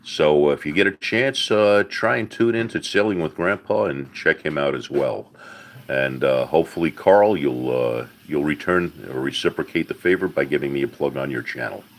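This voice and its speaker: A man's voice: very deep voice, moderate pace. A middle-aged man hosting a live car-advice stream, explaining mechanics in a folksy way, full of "all right" and "uh" and calling viewers folks and buddy. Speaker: host answering viewers' car questions.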